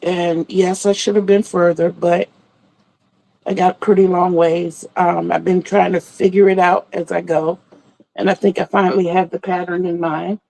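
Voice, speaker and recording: A woman's voice: on the low side, flat delivery, moderate pace, vocal fry, warm tone, rough recording. A middle-aged woman hosting a livestream, chatting in a rambling, storytelling way and greeting viewers. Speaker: livestream host. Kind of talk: casual livestream chat.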